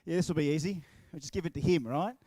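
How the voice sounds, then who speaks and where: Australian man, event MC, higher voice, playful crowd banter, dry close sound. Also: fast talker, mellow, no echo. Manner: jokey, playful, teasing. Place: outdoor drag racing track.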